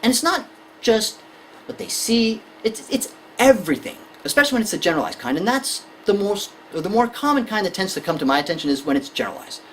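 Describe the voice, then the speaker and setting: A woman's voice: mid-range voice, sing-song, fast, slight background noise, rough recording. Woman talking to parents about kids and anxiety, voice goes up and down a lot, chatty. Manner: conversational, illustrates with examples and acted-out scenes. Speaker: speaker on child anxiety. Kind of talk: lecture to parents.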